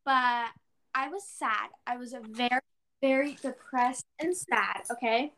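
This teenage girl co-hosts a podcast, chatting casually as she rambles through a story full of "like"s and acts out her own exclamations. Her voice sits a little high, with a fairly bright tone and a slightly slow delivery.

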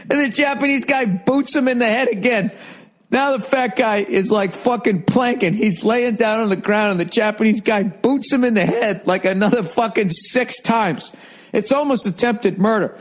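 A man telling a story in a loud, animated way, swearing constantly and laughing as he goes. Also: high voice, moderate pace. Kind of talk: profane storytelling.

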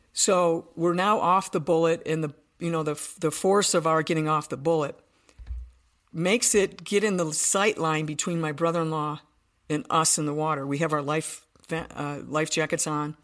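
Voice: medium pitch, a bit bright. A podcast guest telling a personal story in earnest detail, often restarting sentences.

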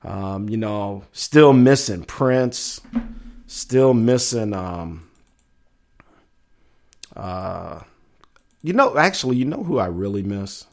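A man's voice: on the low side, expressive, slow pace, long pauses. A middle-aged man hosting a casual live talk show, reading out chat messages in a loose, chatty way. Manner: loose and chatty, trails off quietly, then livens up for segment intros.

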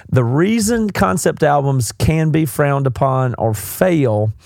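A man's voice: medium pitch, darkish tone, no room sound, studio quality. A man with a Southern US accent, from South Carolina, hosting a show and answering a listener's music question in a chatty, rambling, frank way. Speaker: podcast host. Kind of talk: casual music advice talk.

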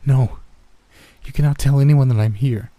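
A man's voice: fairly low pitch, steady tone, normal speed, warm tone, breathy edge, no echo. A man voicing an exhausted eight-year-old girl with a faint German accent, straining and pleading as she speaks. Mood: weary pleading. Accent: German hint. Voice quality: tired, strained on every word. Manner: urgent, pleading.

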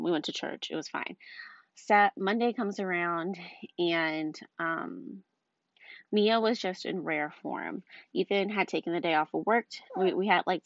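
A woman's voice: on the low side, gravelly, no echo. A young mother from the telling a frustrated story about her day, chatty and exasperated, full of "like" and "um". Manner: chatty, exasperated, frequent fillers like "like" and "um". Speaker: mother of two small children. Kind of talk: casual storytelling vlog. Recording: dull, dry lo-fi recording.

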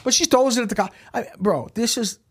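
A man's voice: very high-pitched, fairly quick, breathy edge. Profane, blunt man telling stories. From Southern California. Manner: profane, blunt, swears constantly. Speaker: crime scene cleaning company owner, guest. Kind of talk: casual podcast storytelling.

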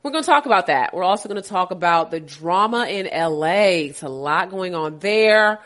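A woman's voice: on the low side, lively intonation, moderate pace, fairly bright tone. A woman hosts a laid-back sports podcast in a chatty, playful way. A cold has left her voice stuffy and nasal. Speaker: podcast host. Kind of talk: casual sports podcast chat.

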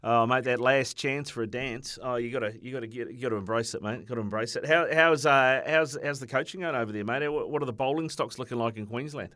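A man's voice: mid-range voice, fast, hardly any pauses, pushed and bright, dry recording, clean studio sound. A man hosting a sports radio show, asking questions casually with friendly restarts. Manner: friendly, stumbling restarts, says mate a lot.

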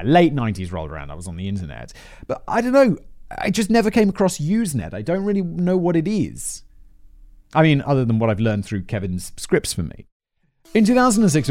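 A man's voice: medium pitch, a little mellow. A man in his thirties hosting a podcast, reading a script with chatty, rambling asides and frequent laughter. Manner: rambling, laughs often, breaks off into tangents.

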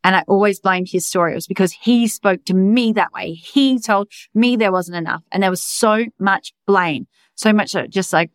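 A woman's voice: medium pitch, moderate pace, clear, resonant tone, dry recording. A young adult woman hosting a podcast, talking in a raw, emphatic, confessional way and swearing freely. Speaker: podcast host. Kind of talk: candid personal monologue.

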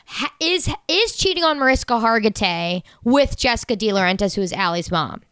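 Woman podcast co-host, rambling and excitable, smooth resonant voice. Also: a little high, normal speed, dry recording. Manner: rambling, excitable, swears freely. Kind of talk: casual chat recapping a TV show.

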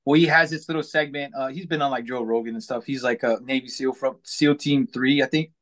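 A man's voice: mid-range voice, fairly even intonation, brisk, a bit bright. A man chatting casually as a podcast guest, upbeat and rambling, full of "like" fillers. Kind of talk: casual chat.

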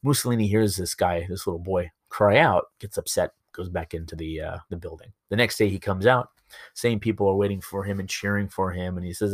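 Low-voiced guy giving a history lecture, dry recording, casual storytelling with lots of ums. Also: brisk, no room sound. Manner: conversational storytelling with fillers. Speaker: history teacher. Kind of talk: recorded lecture over slides.

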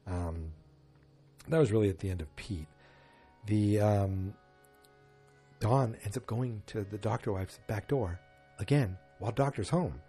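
A man's voice: on the low side, a little slow, long pauses, warm tone, slightly rough, soft background music. A man casually recapping a TV episode, rambling and correcting himself as he goes. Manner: rambling, self-correcting, many fillers.

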